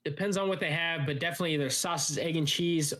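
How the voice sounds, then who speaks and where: A man's voice: a little high, fast talker, fairly bright tone. A man from the American Midwest co-hosting a podcast, telling rambling stories in casual banter and swearing freely. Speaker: podcast co-host.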